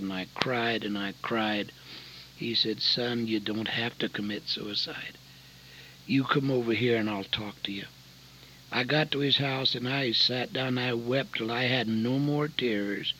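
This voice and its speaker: A man preaching a sermon with personal testimony, dropping to hushed near-whispers and then rising to loud, fervent preaching. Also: mid-range voice, fairly even intonation, measured pace. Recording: dull lo-fi recording with faint hum.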